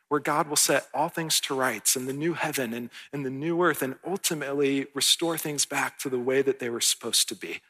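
A man's voice: mid-range voice, bright, forceful tone. A man in his thirties, a pastor preaching a sermon in a church in an earnest, conversational way, often checking in with "right?".

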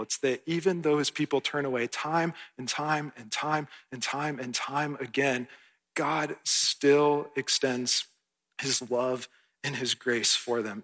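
A pastor in his thirties delivers a sermon with an earnest, conversational manner. His voice is bright and forward with a husky edge, and he keeps checking in with the congregation. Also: medium pitch. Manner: earnest, conversational, often asks "right?". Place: church.

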